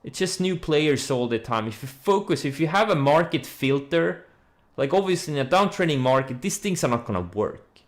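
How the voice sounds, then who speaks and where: A man's voice: a little high, animated, normal speed. A man hosting a casual trading livestream, talking bluntly and rambling, answering viewer questions as he goes. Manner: blunt, rambling, with frequent "you know" and "like"; reads viewer questions aloud and answers them. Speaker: stock trading streamer.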